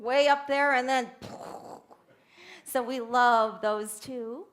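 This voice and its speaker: An older woman minister giving a sermon, telling stories with animated swings from hushed to loud. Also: fairly high pitch, slow pace.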